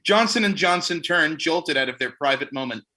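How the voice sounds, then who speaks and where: Bright-voiced man reading stage directions. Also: fairly high pitch, moderate pace. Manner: wry, deadpan asides. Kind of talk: comedic staged play reading.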